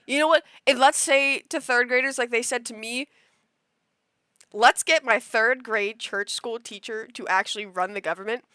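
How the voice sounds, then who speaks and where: A young woman chatting live on stream with a bright, forceful voice that sits a bit high. She rambles animatedly through a story, restarting lines and acting out quotes. The sound is dry and close. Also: normal speed, clean tone, dry recording. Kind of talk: casual storytelling to a live chat.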